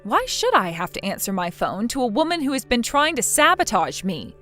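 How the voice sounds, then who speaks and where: A woman voicing a cool, sarcastic young wife in a scripted text-message drama, mocking quietly. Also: a little high, big pitch swings, a little fast, soft background music.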